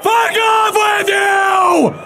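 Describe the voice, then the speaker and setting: A man's voice: very high voice, steady tone, very slow, shouting, crowd noise, noisy background. A man giving let's play commentary, screaming, swearing and groaning at the game in frustration. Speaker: video game player.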